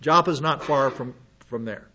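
A man's voice: mid-range voice, normal speed, bright, forceful tone, muffled recording. A man preaching a Bible lesson, reading passages and breaking off into conversational asides to his listeners. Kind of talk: Bible teaching sermon.

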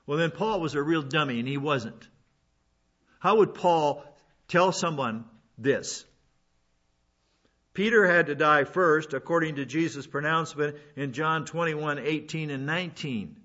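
A man's voice: a little high, a bit bright. A man preaching a verse-by-verse Bible sermon, conversational with folksy asides and frequent restarts. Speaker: pastor. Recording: dull lo-fi sound.

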